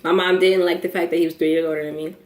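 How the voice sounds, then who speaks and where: A young woman telling a story to camera, profane and animated, laughing as she goes. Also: on the low side, racing. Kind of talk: casual storytime. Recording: echoey room.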